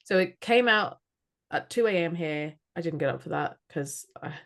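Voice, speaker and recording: A woman's voice: low voice, expressive, normal speed, fairly bright tone. A woman in her late thirties from Scotland, co-hosting a podcast in chatty, self-mocking casual talk. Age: 30s. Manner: chatty, laughs at herself, swears casually. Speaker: podcast co-host. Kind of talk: casual chat.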